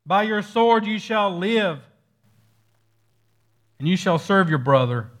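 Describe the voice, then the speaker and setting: A man preaching and acting out a shaken old father who is resigned to what he has done. He declares each phrase emphatically, his voice lifted high. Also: lively intonation, slow, a bit bright, heavily acted. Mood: solemn.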